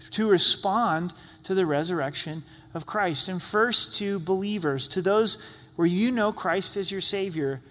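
In a church sanctuary with a big-room sound, a male pastor preaches a sermon. His high voice is pushed and bright, and he talks in an earnest, pleading, conversational way.

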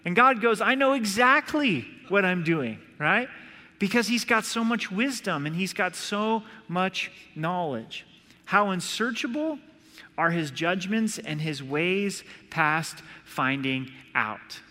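Male pastor, earnest sermon delivery, bright tone, reverberant hall sound. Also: sits high, lively intonation, takes it slowly. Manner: earnest, acts out voices in illustrations.

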